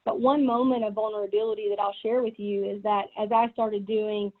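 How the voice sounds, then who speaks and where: A woman's voice: medium pitch, level tone, a little fast. A middle-aged woman with a Southern US accent giving an earnest leadership talk as a business executive, with frequent "um" and "you know" fillers. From American South. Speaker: guest speaker, business executive. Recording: tinny phone-like line from online event.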